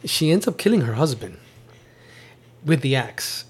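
Animated rambling man hosting a chat. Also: medium pitch, measured pace. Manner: rambling, animated, many restarts. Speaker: podcast host. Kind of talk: casual chat reviewing a TV series. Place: at a home.

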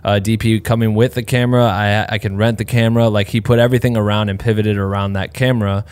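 Congested man, co-host type, loose and profane, lower voice with a smooth clear tone, dry close sound. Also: flat delivery, quick pace, a little mellow, no room sound. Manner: candid, profane, rambling with fillers. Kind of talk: casual podcast chat.

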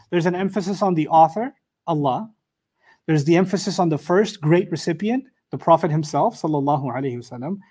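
A Quran teacher with a high-pitched voice lectures on scripture in an animated way. He poses rhetorical questions to his audience and recites Arabic verses quickly between his explanations.

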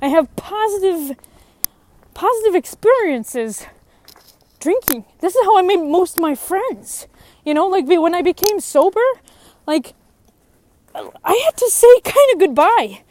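Young woman, high voice, candid personal testimony that turns heated when she is frustrated. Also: expressive, a little slow, pauses often, a little mellow. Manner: emotional and frank, voice rising when frustrated. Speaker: person in recovery sharing her story.

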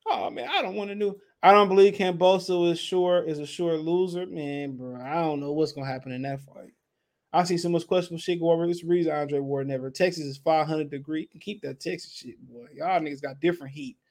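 Man, podcast co-host, casual chat, higher pitch, blunt, laughs often. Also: steady tone, fairly quick, a little mellow. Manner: laughing, reads quotes aloud, blunt opinions.

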